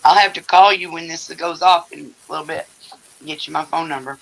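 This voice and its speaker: An older man hosts a casual livestream from his home, telling crude stories in a blunt, profane way. His voice has a bright, edgy tone. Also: a little high, fairly even intonation, fairly quick, vocal fry, rough recording. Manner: blunt, profane storytelling with laughter. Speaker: livestream host. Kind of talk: casual chat.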